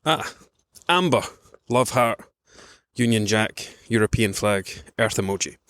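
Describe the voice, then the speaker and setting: A man's voice: fairly low pitch, animated, a little slow, fairly bright tone, no room sound, studio quality. A man hosting a nutrition podcast, talking in a casual rambling way with many ums while out on a morning walk. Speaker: podcast host, nutrition coach.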